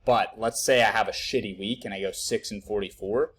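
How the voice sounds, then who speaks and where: A young man giving blunt, profane betting picks in a casual live video, working through numbers out loud. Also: lowish voice, steady tone, brisk, husky. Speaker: sports betting tipster.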